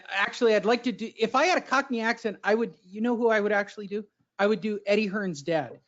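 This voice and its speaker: Brash, crude high-voiced man. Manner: brash and crude, needling his co-host. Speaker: boxing podcast co-host. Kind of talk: casual chat. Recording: dull lo-fi audio.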